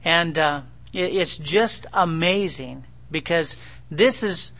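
A man preaching a sermon in an animated, conversational way, often checking in with the congregation through rhetorical questions. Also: on the high side, takes it slowly.

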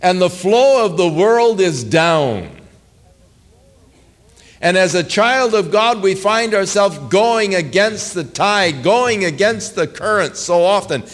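A male pastor preaching a sermon, telling stories earnestly and with emphasis. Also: high voice.

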